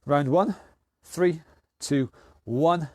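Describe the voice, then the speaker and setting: A man's voice: a little high, extremely slow, a little mellow, a little hiss or hum. A man leading an online exercise class, counting down rounds and calling out moves with encouragement. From United Kingdom. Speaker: fitness instructor. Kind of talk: online workout class coaching.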